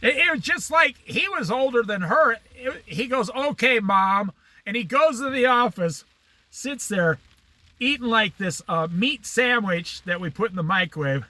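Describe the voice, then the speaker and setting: A man's voice: very high-pitched, normal speed, no echo. A middle-aged man telling a casual story, acting out the people in it with a raised voice and laughing at his own tales. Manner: animated, acts out quotes with a raised voice. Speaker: vlogger.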